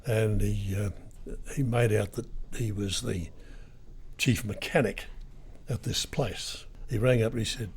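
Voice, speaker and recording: Brief: older Aussie man, husky voice, rambling storyteller in an interview. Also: on the low side, steady tone, measured pace. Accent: Australian. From Australia. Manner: rambling storyteller, lots of ums and restarts. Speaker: retired radio broadcaster, guest. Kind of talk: anecdotal interview chat.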